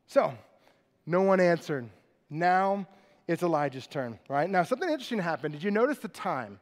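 A man preaching a sermon in an auditorium, telling the story in an animated, joking way with sarcastic asides. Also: fairly high pitch, normal speed. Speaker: pastor. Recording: long hall reverb.

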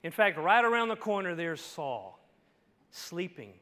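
High-voiced pastor preaching in a reverberant hall. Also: male voice, very animated, unhurried. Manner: dynamic storytelling, swinging from hushed to shouting. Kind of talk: expository sermon.

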